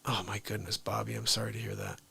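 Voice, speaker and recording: A man hosting a live show, telling family stories casually, swinging from loud outbursts to hushed asides. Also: lowish voice, little pitch movement, fast, gravelly, slightly rough. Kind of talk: casual live-stream storytelling.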